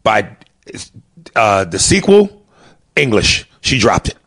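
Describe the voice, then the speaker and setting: A man, a stand-up comic co-hosting a podcast, talking in casual, animated chat, swearing freely and mimicking people as he tells stories. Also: fairly low pitch, slow pace, husky.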